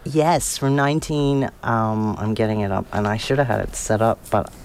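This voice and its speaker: A man's voice: fairly low pitch, moderate pace, gravelly, smooth. A young man hosting a casual community radio show, rambling and self-deprecating, laughing often. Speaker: radio host. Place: radio studio.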